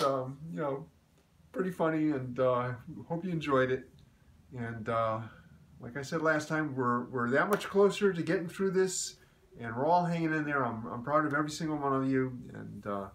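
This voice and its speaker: A man telling a joke in a relaxed, friendly way, chatting with fillers as he greets and signs off to his viewers. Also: mid-range voice, normal speed, a little hiss or hum. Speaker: joke teller. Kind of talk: casual joke telling to camera.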